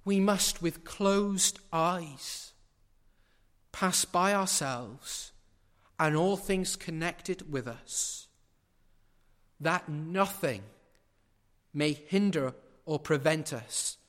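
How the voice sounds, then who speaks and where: A man's voice: on the high side, very slow, pauses often, fairly bright tone, long reverb tail. A middle-aged man preaching a sermon, emphatic and repeating phrases for stress.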